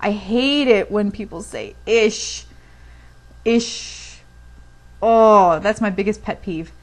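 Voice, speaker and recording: A woman's voice: mid-range voice, expressive, a little slow. A young woman from the United States giving a chatty pronunciation lesson on video, with frequent fillers. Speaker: language teacher.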